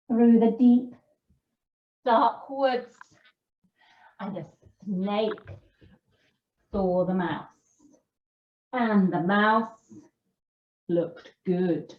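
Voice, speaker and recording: Yoga teacher lady reading a kids story, slow and singy, high voice, kinda muffled. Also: roomy sound, distant mic. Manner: slow, expressive and sing-song. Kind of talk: storytelling for a kids' yoga class.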